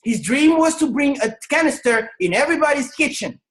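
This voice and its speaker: A woman in her thirties from Senegal giving an energetic, emphatic motivational testimony on a video call, often raising her voice to tell her story. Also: high-pitched, a little fast, low-quality recording. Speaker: network marketing leader.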